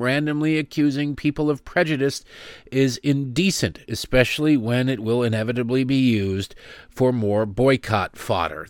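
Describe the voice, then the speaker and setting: A man's voice: mid-range voice, no room sound, clean studio sound. A middle-aged man hosting political commentary, sarcastic and emphatic, with indignant outbursts.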